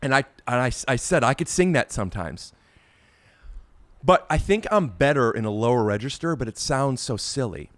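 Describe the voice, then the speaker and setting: A man hosting a podcast, talking in a rambling, excitable and self-deprecating way, with many restarts, and trying to sing along. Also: medium pitch, normal speed, no room sound. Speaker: podcast host. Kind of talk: casual chat and amateur singing.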